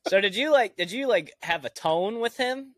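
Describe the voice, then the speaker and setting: A man's voice: high voice, lively intonation, moderate pace, a bit bright, no echo. A young man co-hosting a podcast in casual chat. He reacts with laughs and asks probing follow-up questions. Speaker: podcast co-host.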